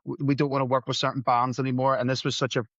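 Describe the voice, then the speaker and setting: A man's voice: medium pitch, flat delivery, racing, a bit bright, no echo. Rambling man, dry and dull. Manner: rambling, self-deprecating, acts out quoted dialogue. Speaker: podcast guest, musician and gig promoter. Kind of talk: casual storytelling. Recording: dull, dry podcast recording.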